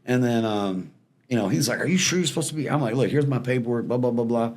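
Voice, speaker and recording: A man talks quickly on a podcast, rattling through a story in a casual, unhurried-sounding but rapid delivery. He slips into quoted voices of the people in it as he goes, keeping a mid-range pitch throughout. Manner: fast, animated storyteller acting out quoted people. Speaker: podcast guest, former repo man.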